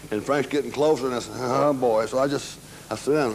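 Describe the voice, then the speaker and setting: A man recounts a prank in an interview, at a middle pitch but jumping high when he mimics others. Faint room ambience sits behind him. He has a mischievous, playful way of telling it. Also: moderate pace, slight background noise, rough recording. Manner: playful, mimics voices in quoted dialogue. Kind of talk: anecdotal storytelling.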